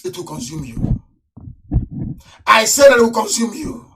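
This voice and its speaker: A man giving a live radio broadcast, fiery and repetitive, swinging between shouts and mocking laughter. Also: high voice, expressive, unhurried, breathy edge. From Nigeria.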